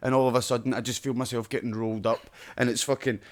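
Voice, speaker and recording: A man's voice: mid-range voice, flat delivery, fast. Sweary Scottish man telling stories. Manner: sweary, laughing storyteller. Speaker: podcast co-host. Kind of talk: casual chat.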